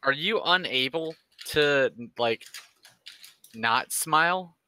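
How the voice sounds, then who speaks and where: A man's voice: fairly high pitch, expressive, takes it slowly, bright, forceful tone. A man playing a tabletop game, asking blunt questions in a casual way. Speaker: player.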